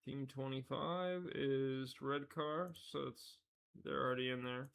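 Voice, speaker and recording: A man with a gravelly, fry-edged voice at an ordinary middle pitch, chatting his way through a live stream. He rambles and restarts his sentences, and he is easily amused. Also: steady tone, unhurried, fairly bright tone. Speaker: showrunner hosting a live stream. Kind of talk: casual live-stream commentary.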